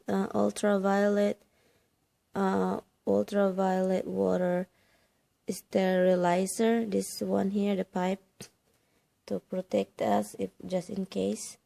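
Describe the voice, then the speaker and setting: A woman's voice: medium pitch, vocal fry, warm tone, poor audio. A Filipino woman vlogging from her house, chatty and laughing at herself with many exclamations. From Philippines. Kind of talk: casual home vlog. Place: inside a house being painted.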